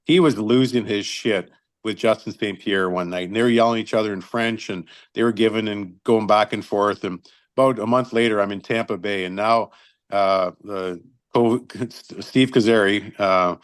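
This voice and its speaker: A middle-aged man, a retired hockey linesman, telling lively, salty anecdotes in a casual chat. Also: fairly low pitch, moderate pace, dry recording. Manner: lively storyteller, salty language, chuckles through stories.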